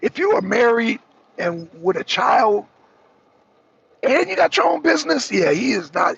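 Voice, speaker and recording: A hoarse man from the Southern US hosting a casual livestream, chatty, calling viewers y'all and clearing his throat often. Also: very high-pitched, very animated, a little slow, long pauses, fairly bright tone. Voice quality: raspy, gravelly. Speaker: talk show host. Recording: dull lo-fi stream audio.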